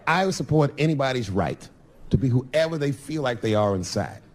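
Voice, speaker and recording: A man's voice: mid-range voice, expressive, brisk, slight background noise. A middle-aged man doing stand-up storytelling on stage, profane and conversational, slipping into the voices of people in his stories. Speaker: stand-up comedian. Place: comedy stage before a live audience.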